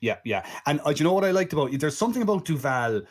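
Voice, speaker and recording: Animated Irish man ranting about films. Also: a little high, rapid-fire. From Ireland. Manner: animated, swearing, rhetorical asides. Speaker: podcast co-host. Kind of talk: casual film-review chat.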